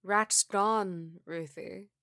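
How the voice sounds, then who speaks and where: A woman voicing a young husband who speaks calmly and gently, in an audiobook reading. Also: on the low side, extremely slow, creaky, no echo, studio quality, heavily acted. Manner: soft, calm reassurance. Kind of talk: audiobook character voice.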